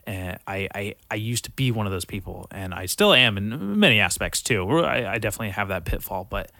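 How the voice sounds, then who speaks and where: A man with a lowish voice in loose, casual chat, wandering through his thoughts with constant fillers and frequent swearing. He is recorded close and dry, with no room sound. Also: lively intonation, brisk, vocal fry, bright, forceful tone, no room sound. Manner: rambling, profane, lots of filler words.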